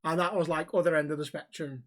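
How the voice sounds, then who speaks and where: A man's voice: a little high, steady tone, fast talker. Scouse man telling a rowdy story. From Liverpool, England. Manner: swearing, storytelling, acting out dialogue. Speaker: podcast co-host. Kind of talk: casual chat.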